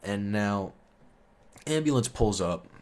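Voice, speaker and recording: A man's voice: lowish voice, lively intonation, slow pace. A man telling a story in a casual, rambling, profane way, chuckling as he goes. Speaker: storyteller host.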